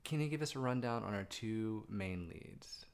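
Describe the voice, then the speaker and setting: A man's voice: lowish voice, lively intonation, normal speed, gravelly. A man co-hosting a movie review podcast, bantering in a jokey, self-deprecating way. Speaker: podcast co-host. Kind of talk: casual chat, movie review.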